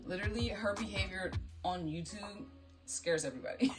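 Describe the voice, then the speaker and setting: Over background music, a woman with a medium-pitched voice offers casual reaction commentary at a moderate pace, captured on a phone. Her delivery is blunt and full of profanity, lively, and broken up by mock-imitations of other voices.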